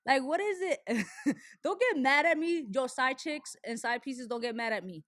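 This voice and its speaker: A young adult woman with a fairly high voice hosts a casual show monologue. She talks candidly and animatedly, and stops and restarts her sentences often. The recording is dry and close, with no room sound. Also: animated, moderate pace, fairly bright tone, no echo. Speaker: show host.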